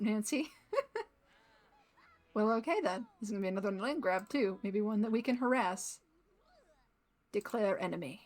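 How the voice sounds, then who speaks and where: Giggly woman narrating a life-sim playthrough. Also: mid-range voice. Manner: giggly, rambling, laughs often. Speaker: gaming channel host. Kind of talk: casual let's-play commentary.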